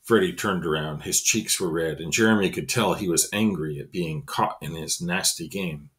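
A man's voice: deep voice, moderate pace, fairly bright tone. A man reading a children's novel aloud expressively, adding casual asides. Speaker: reader.

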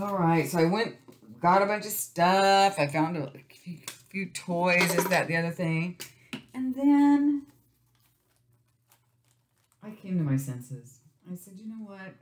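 A woman's voice: fairly low pitch, echoey room, slight background noise. A woman vlogging about her crafting, chatty and storytelling, talking to her viewers as "you guys".

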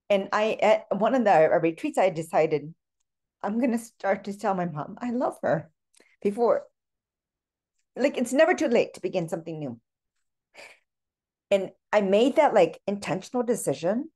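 A woman's voice: mid-range voice, warm tone. A woman in her forties sharing a heartfelt personal story in a casual book club discussion. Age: 40s.

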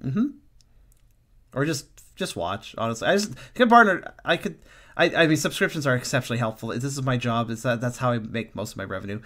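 A man's voice: medium pitch, expressive, fairly quick, bright, forceful tone. A man streaming a game, chatting casually, joking and swearing freely, often trailing off into mumbles. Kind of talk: casual let's-play chat.

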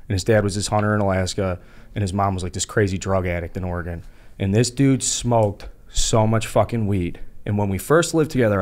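A young man hosting a podcast, telling a story in a rambling, profane way full of fillers. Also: lowish voice. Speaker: podcast host. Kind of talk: casual storytelling.

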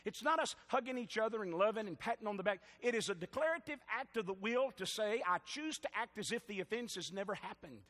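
Southern US man preaching, middle-aged, high bright voice, long church hall reverb. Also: expressive, quick pace, hardly any pauses. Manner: preaches with rising, stirred-up emphasis and jokes to the congregation. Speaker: pastor. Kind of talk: sermon. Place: church sanctuary.

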